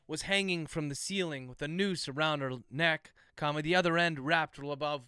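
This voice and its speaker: A man, an author, dictating his thriller aloud at a steady, methodical pace, speaking the punctuation marks. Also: fairly high pitch, normal speed, smooth, no echo, clean studio sound. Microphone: close livestream microphone.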